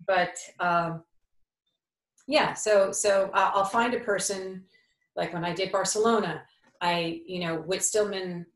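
Actress guest, woman in her fifties, slight New York tone, low-set voice, animated, echoey room. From New Jersey, USA. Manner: thoughtful, animated, many fillers and restarts. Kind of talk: conversational interview.

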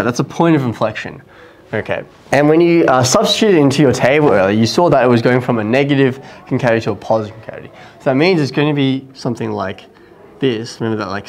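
A male math teacher with a slightly gravelly, fry-tinged voice works through a problem aloud, checking in with "right?" as he goes. A faint hum of room noise sits behind him. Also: mid-range voice. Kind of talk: casual lesson talk-through.

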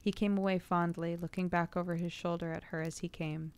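A woman reading a classic novel aloud to a stream audience, measured and unhurried. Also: fairly low pitch, flat delivery, smooth. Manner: measured reading, breaks off laughing at stumbles.

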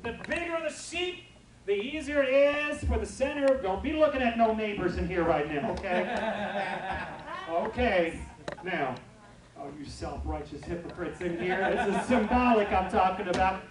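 A male pastor preaching a lively, humorous sermon full of stories and asides to his congregation, recorded in a church. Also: very high voice, moderate pace. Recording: roomy church from far off, faint noise.

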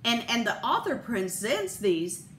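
A woman pastor preaching a sermon and telling a story in an expressive, measured way. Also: fairly high pitch, reverberant, a little hiss or hum.

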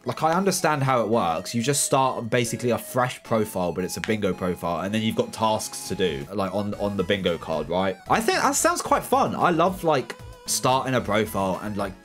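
Young British man, gaming streamer, relaxed rambling chat, medium pitch, faint music in the background. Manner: laid-back, rambling with frequent restarts and fillers. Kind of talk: casual livestream chat, reading chat aloud.

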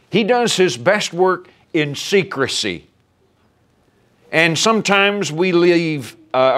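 Animated man preaching a sermon. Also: fairly high pitch. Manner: animated preaching, Scripture quoting.

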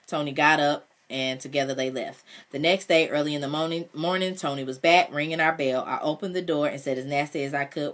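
A woman reading a novel aloud in the first person, with expressive delivery and dialogue voiced in a higher tone. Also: a little fast, few pauses. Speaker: audiobook reader.

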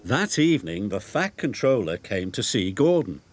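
A man narrating a children's story in a gentle, measured, expressive way. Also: on the low side. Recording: loud background music.

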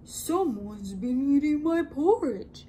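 A woman voicing a big papa bear in a storybook tale, loud and emphatic. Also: sits high, lively intonation, takes it slowly, slight background noise, pitched above the performer's own voice. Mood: gruff.

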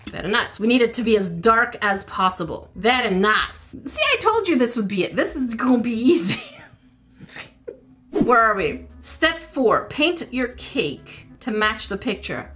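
A woman's voice: on the high side, very animated, unhurried, fairly bright tone, soft background music. A woman YouTuber playing a mobile baking game with playful jokes and panicky exclamations. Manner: playful, jokey. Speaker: gaming YouTuber.

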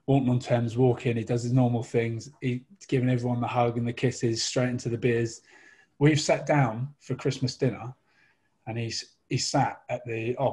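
A husky-voiced man at middle pitch tells a rambling comic story from his own life. He talks casually, often breaking into laughter and circling back on himself. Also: darkish tone. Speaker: guest storyteller.

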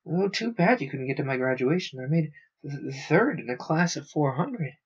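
A man's voice: on the high side, big pitch swings, moderate pace, husky. A man voicing a nervous young man who gabbles with forced casualness, in a read-aloud story. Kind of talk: audiobook reading. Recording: dull lo-fi sound.

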